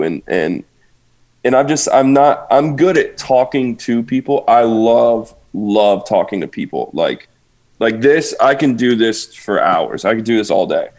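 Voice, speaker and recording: A man's voice: lowish voice, lively intonation, a little slow, darkish tone. A man talking as a podcast guest in casual chat, often laughing and rambling with lots of restarts. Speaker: guest drummer.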